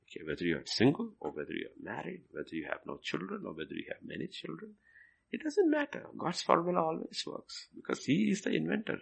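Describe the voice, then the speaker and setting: A man preaching a sermon as a pastor, swinging from loud emphasis down to near whispers and repeating his phrases. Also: fairly high pitch, big pitch swings, quick pace, gravelly, breathy edge.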